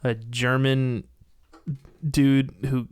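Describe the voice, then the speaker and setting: A man's voice: medium pitch, level tone, very slow, darkish tone, clear, resonant tone, no room sound. A man co-hosting a casual podcast chat, crude and joking, often laughing and slipping into silly voices. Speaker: podcast co-host.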